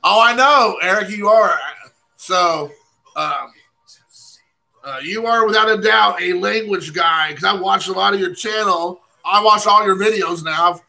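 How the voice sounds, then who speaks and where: A man's voice: high-pitched, a little slow, vocal fry, bright, forceful tone, low-quality recording. A man hosting a casual card-opening stream, rambling and poking fun at himself while chatting with viewers. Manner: rambling, self-deprecating, chatty asides to viewers. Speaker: card collecting channel host.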